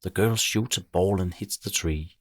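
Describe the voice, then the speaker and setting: A man calmly narrating a bedtime story for children in a measured way. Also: low-pitched, dry recording.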